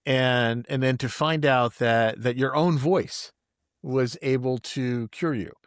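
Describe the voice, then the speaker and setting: A man's voice: medium pitch, takes it slowly, no echo, studio quality. A man hosting a podcast interview, who laughs often and repeats words as he talks. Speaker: podcast host. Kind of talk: casual interview.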